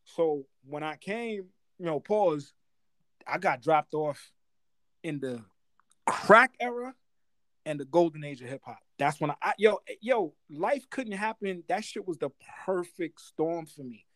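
Slangy, animated man from Guyana. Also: on the high side, a little slow, no echo. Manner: animated, laughing, slangy storytelling. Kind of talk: casual storytelling chat.

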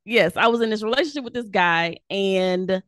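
A woman guest on a faith podcast, chatting casually and telling her story with animated energy and frequent laughs. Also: mid-range voice, normal speed, no room sound, studio quality. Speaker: guest, devotional author.

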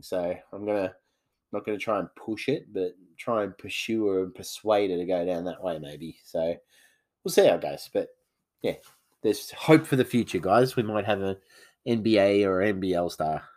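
A man's voice: lowish voice, a little mellow. A man, sounding congested from hay fever, rambling casually as the host of a solo podcast. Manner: rambling, chatty, many fillers.

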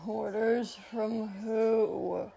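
A woman voicing a hungover, grumpy young male prince who mutters in a hoarse, whispery voice. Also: medium pitch, fairly even intonation, slow, darkish tone. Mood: groaning. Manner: sullen, muttering.

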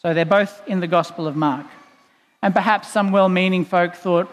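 With long reverb filling the church hall, a male pastor delivers a sermon at normal speed in a high-pitched voice with fairly even intonation. He explains conversationally and slips in playful asides.

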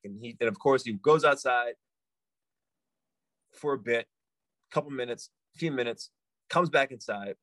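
A man, a podcast guest, telling a story casually in an animated, loose way full of asides. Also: medium pitch, moderate pace, long pauses, no room sound.

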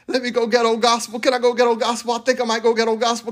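Male pastor, high voice, lively, slangy, playful sermon delivery to a live church crowd. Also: a little fast. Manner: animated, playful preaching with slang and laughter. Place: church sanctuary with congregation.

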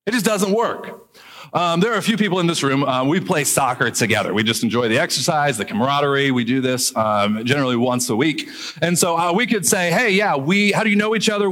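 Lively preacher man in a reverberant hall. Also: fairly high pitch. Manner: lively, joking asides, drawn-out emphasis on key words. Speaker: pastor. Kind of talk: sermon.

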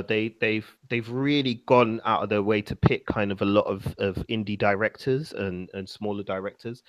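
Low-voiced laid-back podcast host. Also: male voice, no echo. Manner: relaxed, many fillers, laughs easily. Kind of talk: casual podcast chat.

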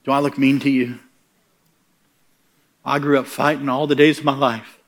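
A middle-aged man preaching a sermon through humorous stories, animated and laughing often, with plain, casual wording. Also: medium pitch, normal speed.

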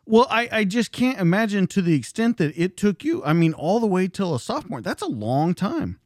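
A man's voice: high voice, big pitch swings, a little fast, no echo, clean studio sound. A man hosting a casual conversation, asking curious questions. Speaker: host. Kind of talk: casual interview chat.

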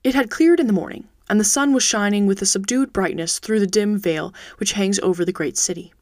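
A woman reading a classic detective story aloud as host of her audiobook podcast, steady and even. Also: mid-range voice, fairly quick, no echo, studio quality. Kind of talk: audiobook narration.

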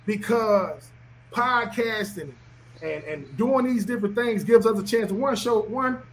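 High-voiced emphatic man. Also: a little slow, a bit bright, a little hiss or hum. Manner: emphatic, preachy, repeats himself. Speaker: podcast guest, former football player. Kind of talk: animated podcast talk.

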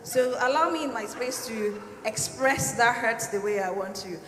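Bright, emphatic woman in echoey hall. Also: fairly high pitch, moderate pace. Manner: emphatic, earnest, repeats points. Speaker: panelist. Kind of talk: panel discussion answer. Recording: echoey hall, faint ambience.

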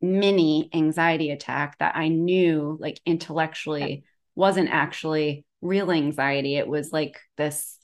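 A woman's voice: low voice, steady tone, measured pace. A woman wellness practitioner talking casually and at length, rambling with lots of fillers as she tells a story. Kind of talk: casual conversation.

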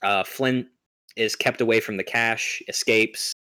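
A man's voice: on the low side, fairly even intonation, a little slow, pushed and bright, smooth, no echo. A young man co-hosting a casual movie podcast, rambling with lots of fillers and restarts. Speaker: podcast co-host. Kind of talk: casual movie-recap chat.

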